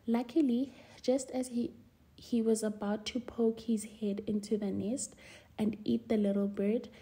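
A woman reading a children's story aloud for a library story hour, clear and gently paced. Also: fairly high pitch, little pitch movement, a little slow.

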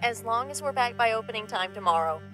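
Woman, dry and commanding lead investigator, higher voice, lively inflection. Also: fast talker, over music. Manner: dry, no-nonsense. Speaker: cemetery night-shift worker turned investigator. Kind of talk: short horror-comedy film acting.

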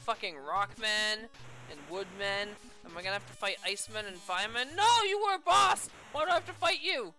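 A woman's voice: fairly high pitch, pushed and bright. A woman doing let's play commentary, exasperated, swearing freely, with yelps and laughs. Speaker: video game streamer.

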